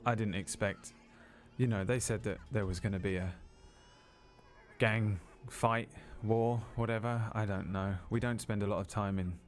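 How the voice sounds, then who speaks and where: A man's voice: fairly low pitch, fairly even intonation, normal speed, close to an everyday voice. A man doing a nervous young thief. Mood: flustered. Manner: hesitant, stammering with fillers.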